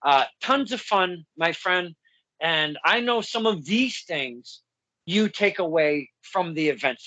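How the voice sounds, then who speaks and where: A chatty interviewer who keeps laughing through their own stories, with a lively voice that swings up and down in pitch. The recording is dry and close, with no room sound. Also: no room sound, highs cut off. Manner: animated, laughs often mid-sentence. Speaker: podcast interviewer. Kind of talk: casual interview chat.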